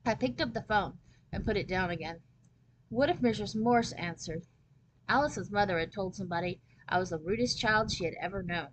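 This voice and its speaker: A woman reading a children's chapter book aloud as a storyteller, with lively first-person narration. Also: mid-range voice, fairly quick, slight background noise, poor audio.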